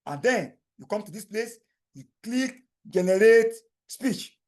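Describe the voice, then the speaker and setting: A man teaching a software tutorial as a voice-over on a screen recording. He speaks to the viewer directly, explaining each step slowly and repeating points to make sure they land. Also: high voice, animated. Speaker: tutorial instructor.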